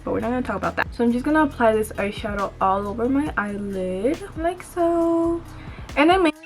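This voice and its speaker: Young woman, chatty code-switcher, bright high voice, light music bed. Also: expressive, quick pace. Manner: chatty, switching between English and Spanish mid-sentence. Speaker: beauty vlogger. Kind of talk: casual get-ready-with-me chat.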